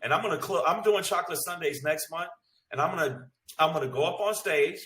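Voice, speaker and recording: A man's voice: a little high, fairly quick, fairly bright tone. Fired-up older New man, distant echoey mic. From Brooklyn, New York. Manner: profane, fired-up ranting. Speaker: comedian, podcast guest. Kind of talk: heated casual chat. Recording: echoey room, mic at a distance, faint noise.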